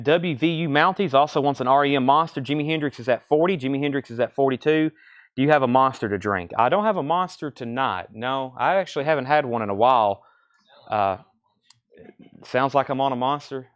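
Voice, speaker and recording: A man hosting a live-streamed record sale, briskly listing titles and prices and taking bids in a casual selling patter. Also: medium pitch, lively intonation, a bit bright, dry recording, studio quality. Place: record shop.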